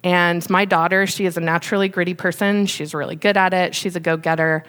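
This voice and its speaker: A woman's voice: fairly low pitch, steady tone, fairly quick, a bit bright, smooth. A woman in her thirties, a mother speaking to an audience about parenting, candid and conversational with many fillers. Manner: emotional, fighting back tears. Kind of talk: personal talk to an audience.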